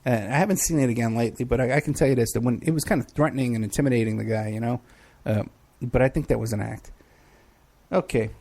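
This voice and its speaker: A middle-aged talk show host rambles casually through viewer questions on a livestream, chatty and full of hesitations. He talks fast in a mid-range, dark voice.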